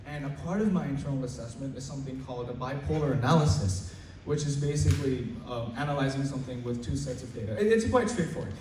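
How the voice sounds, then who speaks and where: A male student in his late teens doing stand-up comedy at school, chatty and stammering, loudly acting out his teachers. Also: mid-range voice, fast, few pauses. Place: school hall with an audience. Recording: echoey hall recorded from far off. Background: audience laughter and room noise.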